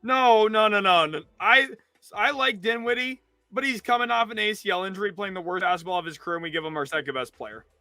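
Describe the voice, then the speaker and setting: A young man hosting a sports livestream, reacting in an exasperated rant that swings between loud outbursts and low mutters. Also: fast talker, dry recording. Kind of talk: live reaction commentary.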